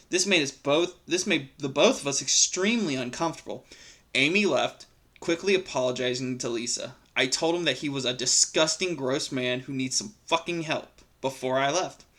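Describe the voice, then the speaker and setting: A man's voice: fairly high pitch, pushed and bright. A man reading an online story aloud, then giving a heated, profane commentary full of restarts and repeats.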